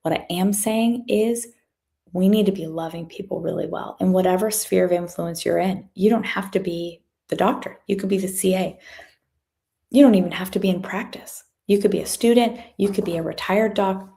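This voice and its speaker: A woman giving a motivational talk as a guest speaker, telling a story from her work in an animated way and acting out the people in it. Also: mid-range voice, normal speed, gravelly. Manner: animated, acts out quoted voices.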